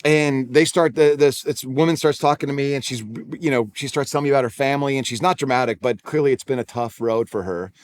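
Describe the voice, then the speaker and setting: Chatty Californian pastor telling a story. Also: male voice, medium pitch, fast, few pauses. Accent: Californian English. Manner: conversational, self-deprecating, many restarts. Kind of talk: storytelling sermon. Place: church auditorium.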